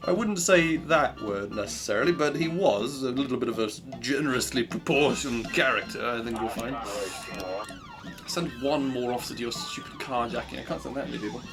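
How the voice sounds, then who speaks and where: Man, game stream commentary, upbeat chatter, game music playing behind, mid-pitched voice. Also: a little fast. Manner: chatty, upbeat, self-congratulating asides. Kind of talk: live gameplay commentary.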